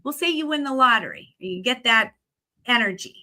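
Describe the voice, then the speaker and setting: A woman with a bright, higher voice talks in a casual podcast chat. She tells her stories with animation and acts out the voices of the people she quotes. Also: animated, normal speed. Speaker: guest psychic.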